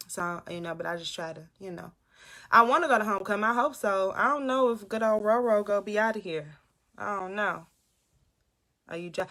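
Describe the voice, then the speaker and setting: A young woman with a medium-pitched, bright voice talks fast and forcefully as she hosts a casual live stream from her room at home. A motivational host, she chats and reads viewers' comments out loud.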